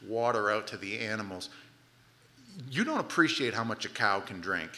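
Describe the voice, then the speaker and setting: A man delivering a sermon with a very bright, sharp, forceful voice. He preaches conversationally, stumbling into restarts and repeated words. At his high points he turns loud and emphatic. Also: animated, moderate pace. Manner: grows loud and emphatic at climaxes. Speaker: pastor.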